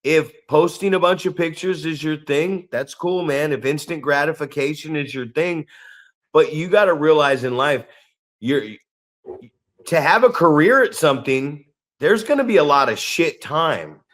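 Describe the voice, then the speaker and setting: Man podcast co-host, swearing, emphatic rant, lively swooping pitch, fairly high voice. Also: moderate pace. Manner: profane, emphatic, animated.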